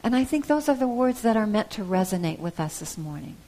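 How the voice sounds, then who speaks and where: A woman preacher giving a sermon, retelling a gospel story with soft pauses and the odd hesitation. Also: medium pitch, sing-song.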